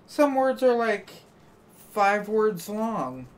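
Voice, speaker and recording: Slow-talking American woman chatting on stream. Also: mid-range voice, big pitch swings. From United States. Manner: chatty, storytelling with quoted back-and-forth. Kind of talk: casual chat on a live stream.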